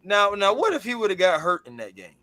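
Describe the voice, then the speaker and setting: A man's voice: sits high, wildly swooping pitch, brisk, pushed and bright. A man on a casual sports chat, recalling past games and laughing along with the others.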